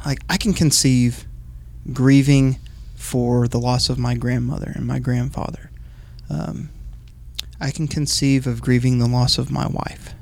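A man's voice: medium pitch, warm tone. A man co-hosting a discussion podcast, asking questions hesitantly with many restarts. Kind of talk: casual discussion.

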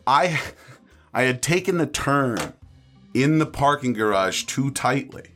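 Animated man telling a funny story. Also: medium pitch, unhurried, faint music behind. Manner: animated storyteller acting out quotes, laughing. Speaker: player. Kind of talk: comic personal anecdote.

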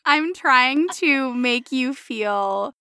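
A woman's voice: sits high, animated, very slow, bright, forceful tone, clear, resonant tone, no echo, studio quality. A woman co-hosting a podcast in casual chat, teasing and laughing often. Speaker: podcast co-host.

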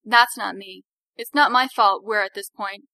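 A woman's voice: mid-range voice, normal speed, bright, forceful tone, no room sound, rough recording. A woman voicing a sarcastic young healer. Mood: lecturing. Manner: sarcastic, lecturing.

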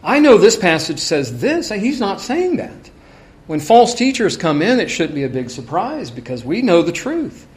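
A middle-aged man preaching to his congregation with a voice pitched a little above most men's. He talks in a loose, conversational way and fills the sermon with personal stories and asides. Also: very animated, moderate pace. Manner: conversational, anecdotal, frequent asides.

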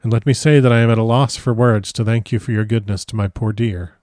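A man voicing a grieving young nobleman, husky and choked with grief, in an audiobook reading. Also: on the low side, fairly even intonation, quick pace, a little mellow, no room sound, studio quality, natural voice. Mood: earnest.

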